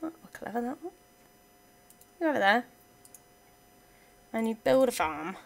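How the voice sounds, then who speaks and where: A woman's voice: on the high side, big pitch swings, measured pace, creaky. A woman giving casual let's-play commentary, chatting playfully to her game units as she plays. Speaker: gaming channel host.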